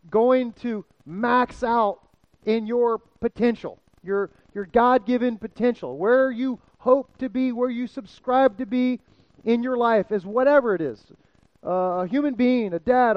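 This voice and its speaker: A man's voice: very high-pitched, dry recording, highs cut off. A man preaching a sermon and calling out to his congregation for responses. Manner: energetic, calls out to the congregation. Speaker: pastor.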